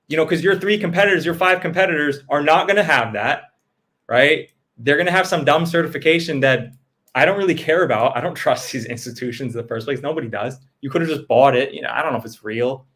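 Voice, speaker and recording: A man's voice: on the high side, a little fast, fairly bright tone. A man giving blunt, profane business advice in casual chat, acting out customers' quotes as he goes.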